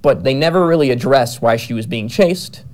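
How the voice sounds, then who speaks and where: A man's voice: mid-range voice, lively intonation, moderate pace, a little mellow. Rambling man with lots of fillers. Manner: rambling, many fillers and self-corrections. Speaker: writer describing his novel. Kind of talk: casual chat.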